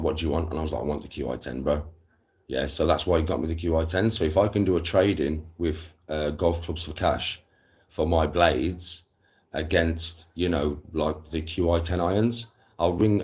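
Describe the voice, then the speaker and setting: A young man chatting to his live-stream viewers in a casual, animated way, full of slang and swearing. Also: low voice. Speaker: livestreamer.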